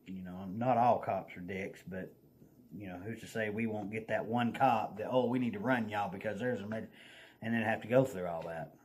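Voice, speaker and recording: A man with a Southern US accent laughs as he tells a folksy, animated story in a casual vlog, speaking at normal speed in a fairly low voice.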